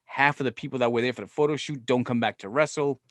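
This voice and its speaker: A man spins a long story in loose, swearing podcast chat, slipping into the voices of the people he quotes. His voice sits at a middle pitch, and the recording is dry and close, with no room sound. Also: quick pace, no room sound. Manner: profane, animated, quotes himself and others. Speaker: podcast guest. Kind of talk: casual storytelling.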